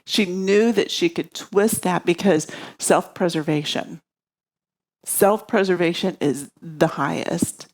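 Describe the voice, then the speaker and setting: A woman's voice: lowish voice, slow pace, darkish tone. A woman yoga teacher giving a reflective spiritual study lesson, often searching for words.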